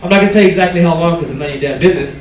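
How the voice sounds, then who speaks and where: A man's voice: fairly high pitch, racing, far from the mic, lo-fi sound. A man doing a bold, crude stand-up set on a small club stage, with the audience laughing behind him. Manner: bold, crude, lively delivery with sung parody bits. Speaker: stand-up comedian. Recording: echoey club recorded from afar, loud crowd. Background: audience laughter and cheers.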